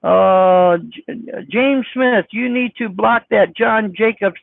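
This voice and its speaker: A man with a squeaky, very high voice and a gravelly edge talks blunt and folksy, answering his chat. The sound is thin and phone-like, with no room around it. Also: slow pace, no echo. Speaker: trucker vlogger reading live chat. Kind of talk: casual live-stream chat.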